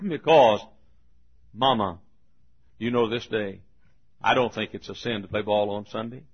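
A man's voice: on the low side, measured pace, slightly rough. An older man preaching a folksy sermon, telling stories with frequent chuckles and restarts. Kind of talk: sermon storytelling. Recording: dull lo-fi sermon recording.

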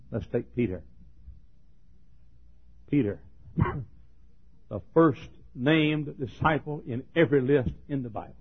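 A man preaching a sermon, swinging from ringing shouts down to near-hushed asides. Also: medium pitch, breathy edge. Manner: builds to ringing shouts, then drops to a hush. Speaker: pastor. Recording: phone-like narrow band.

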